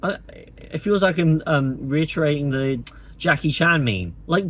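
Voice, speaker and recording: A man's voice: fairly high pitch, a little slow, a bit bright. A man delivering a sarcastic, indignant opinion monologue to camera as a political vlogger.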